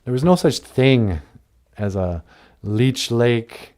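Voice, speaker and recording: A man's voice: medium pitch, lively intonation, slow, darkish tone. A man hosting a casual live-stream chat, joking in a laid-back way and reading viewer comments aloud. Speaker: show host.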